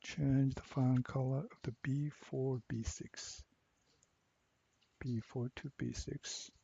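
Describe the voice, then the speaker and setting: A man walking through a software assignment step by step, repeating each instruction slowly. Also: mid-range voice, little pitch movement, vocal fry, husky, highs cut off. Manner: slow, step-by-step, repeats cell names. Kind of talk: screen-recorded software tutorial.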